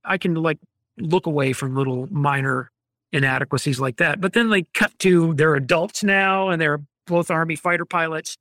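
A man's voice: on the high side, normal speed, a bit bright, no room sound, studio quality. A man, ranting in an opinionated, exasperated way during a casual podcast chat. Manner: opinionated, exasperated, rambling critique.

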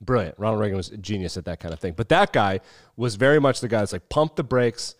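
A man in his thirties co-hosting a podcast, talking in a loose, animated way, swearing freely and mimicking people as he tells a story. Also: lowish voice, fast talker, dry recording. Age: 30s. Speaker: podcast co-host. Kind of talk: casual chat.

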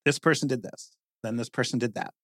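A man in lively conversation, often saying "like" and mimicking stiff announcer voices. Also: medium pitch, a little fast, dry recording, studio quality. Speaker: guest speaker, podcast creator. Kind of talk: animated conversational talk.

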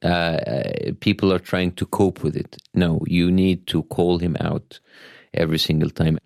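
A middle-aged man with an Egyptian Arabic accent, a satirist guest talking in a wry, self-deprecating way with thoughtful pauses. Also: sits low, vocal fry, darkish tone, dry recording, clean studio sound. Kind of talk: conversational interview.

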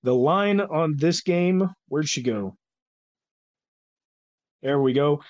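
A man's voice: a little high, lively intonation, slow, dry recording, muffled recording. A man hosting a casual sports podcast, chatty and rambling, with many filler words. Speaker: podcast host.

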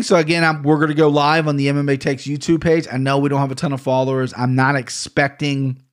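A man hosting a solo podcast in a casual, rambling way, swearing freely and often tacking "right?" onto his points. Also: a little high. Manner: rambling, profane, keeps adding "right?". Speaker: podcast host.

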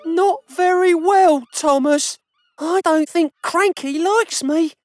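A woman voicing a small, eager young crane with a bright, keen way of talking in a storybook reading. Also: very high-pitched, slow pace, soft background music, voice pushed up. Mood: sad.

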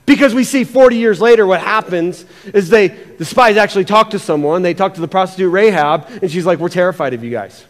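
High-voiced animated pastor in a reverberant hall. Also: male voice, fairly quick, hardly any pauses. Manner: animated, repeats words, acts out quotes. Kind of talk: sermon.

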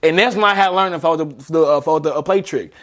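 This is a young man with a notably high-pitched voice, chatting casually among friends. He tells his stories with animated energy and breaks into laughs as he goes. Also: quick pace. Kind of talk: casual chat.

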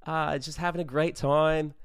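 A man's voice: on the high side, flat delivery, moderate pace, smooth, dry recording, studio quality, pitched above the performer's own voice, natural voice. A man voicing a cocky young guy faking a poor Australian accent that slips toward British, chummy and bluffing. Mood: breezy. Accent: bad put-on Australian drifting toward British.

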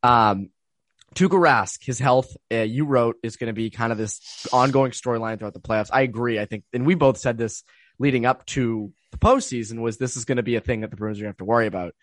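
A young man of middle pitch co-hosts a casual sports podcast. He sounds relaxed and jokey as he steers the talk. The recording is close and dry. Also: a little fast, no echo. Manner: relaxed, jokey, leads topics. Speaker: hockey reporter, co-host.

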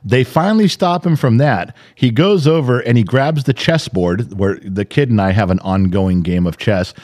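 A middle-aged podcast co-host with a medium-pitched, slightly mellow voice tells a story in casual chat. He's profane and exasperated, acting out what people said.

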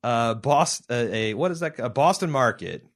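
A man in his thirties co-hosting a casual film chat, halting and searching for words, getting animated when he tells a story. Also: medium pitch. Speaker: podcast co-host.

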